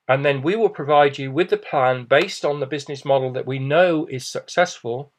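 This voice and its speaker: Speaking a bit high, a middle-aged presenter tries to persuade his business audience. Fillers like "okay" and "you know" come up often in his reassuring delivery.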